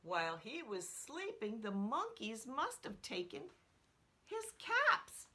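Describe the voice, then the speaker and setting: A woman's voice: a little high, very animated, measured pace, a bit bright. A woman reading a picture book aloud to children. She asks her listeners questions and drops into whispered asides.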